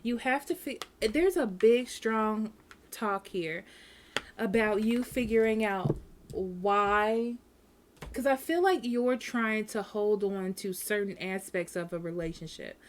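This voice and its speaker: A woman's voice: mid-range voice, slow pace, a little hiss or hum. A woman giving a casual tarot reading at home, speaking frankly and repeating herself, often checking in with "okay?". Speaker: tarot reader.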